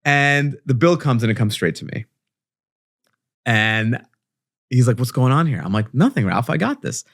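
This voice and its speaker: Animated Long Island man telling stories. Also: medium pitch, normal speed. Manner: animated storyteller acting out quotes. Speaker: podcast co-host. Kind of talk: casual chat.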